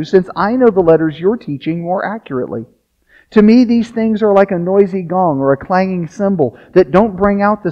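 A man's voice: high voice, a little mellow. A male pastor preaching a sermon, reading a long passage aloud with casual asides. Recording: dull lo-fi sound.

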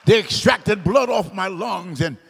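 A man delivers a sermon in a large church hall, his high, gravelly voice chanting in a sing-song preaching rhythm. He swells into shouts. The husky sound carries a long hall reverb. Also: unhurried.

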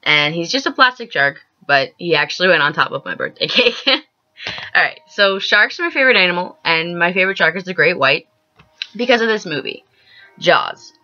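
A woman's voice: lowish voice, expressive, fairly quick. A young woman vlogging an earnest, emotional rant she wrote as a script, stumbling and restarting now and then. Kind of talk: scripted personal vlog rant. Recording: dull lo-fi with soft piano music. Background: soft piano music.

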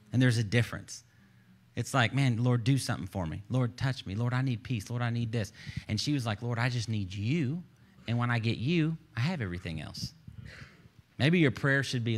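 A male pastor preaching a sermon. He tells the story in an animated way, acts out the voices of the people in it, and swings between emphatic bursts and low, soft lines.

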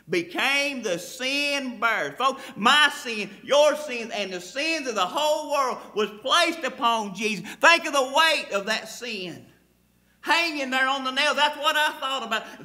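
Male pastor, high bright voice, slow deliberate fervent preaching delivery. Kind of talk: sermon.

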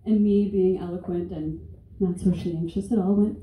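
A woman's voice: on the low side, fairly even intonation, a little fast, lo-fi sound. A woman in her twenties doing a stand-up comedy set on stage, sarcastic, profane and conversational. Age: 20s. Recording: echoey room, distant mic, faint noise.

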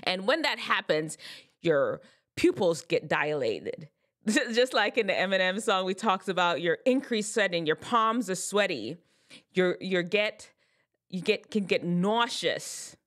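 A woman's voice: mid-range voice, animated, measured pace, a bit bright. A woman giving advice in a chatty, loose way, often correcting herself mid-sentence as she explains science terms. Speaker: advice vlogger. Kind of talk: casual explanatory talk.

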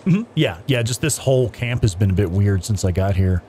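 A man's voice: lowish voice, expressive, brisk, dark tone, slight background noise. A man hosting a gaming livestream, chatting casually and laid-back, swearing freely and laughing along with his co-host.

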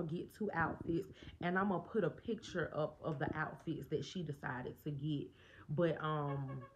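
A woman's voice: deep voice, muffled recording. A woman chatting casually to camera as a vlogger, talking straight to her viewers. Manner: chatty, addresses viewers directly.

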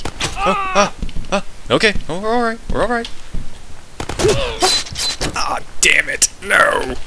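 A man giving excitable let's play commentary, swearing and yelping as things go wrong. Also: fairly high pitch, noisy background. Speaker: gamer.

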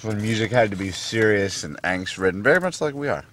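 Male band member, very low voice, rapid dry ironic delivery. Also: animated, fairly bright tone, slight background noise. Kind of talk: casual interview chat.

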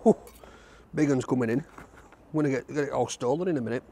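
A man's voice: medium pitch, fairly quick, mellow, a little hiss or hum. A man reviewing a takeaway outdoors, chatting and gushing over every bite. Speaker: food reviewer. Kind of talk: casual food review to camera.

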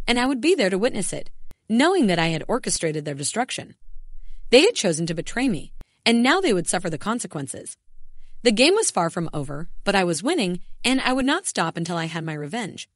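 A woman narrates a first-person animated story in a cold, determined way. Her voice is a little husky and sits on the lower side, while moving expressively in pitch. The recording is dry and close to the mic. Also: no room sound.

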